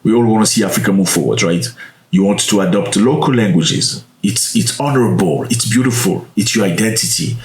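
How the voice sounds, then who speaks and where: A man hosting a casual commentary, lively and expressive, now and then dropping to a hushed aside. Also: on the low side, a little fast, a little hiss or hum. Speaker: commentary channel host. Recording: roomy echo, slightly distant mic, faint music.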